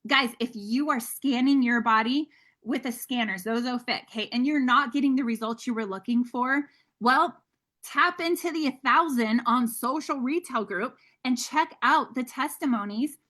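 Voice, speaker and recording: Upbeat high-voiced woman coaching her team. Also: normal speed. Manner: energetic, candid, addresses listeners as guys. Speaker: sales team leader. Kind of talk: motivational team training talk.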